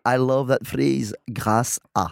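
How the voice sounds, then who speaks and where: A man's voice: mid-range voice, fairly even intonation, slow, vocal fry, dry recording. Man, playful teaching chat, dry close studio sound. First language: French. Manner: playful, repeats words when restarting. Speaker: co-presenter, native-speaker teacher.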